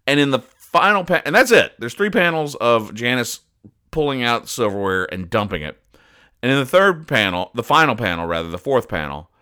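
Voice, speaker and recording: A man's voice: mid-range voice, sharp tone, clean tone. A man hosting a podcast, reading comic strips aloud and explaining the jokes in a rambling way, often stopping and restarting. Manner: rambling, stops and restarts, puzzled asides. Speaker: podcast host. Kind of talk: casual comedic comic-strip commentary.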